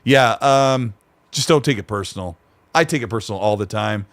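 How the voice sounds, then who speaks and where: A man's voice: on the low side, moderate pace, no room sound. A man hosting a casual live-stream podcast, reading viewer messages aloud in an easygoing, slightly nasal voice. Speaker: podcast host.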